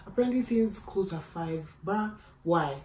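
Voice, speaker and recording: A woman's voice: medium pitch, unhurried, a little mellow, slight background noise. A young woman, chatting casually and animatedly to camera in a travel vlog, full of slang and easy laughs. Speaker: travel vlogger. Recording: echoey room with faint ambience.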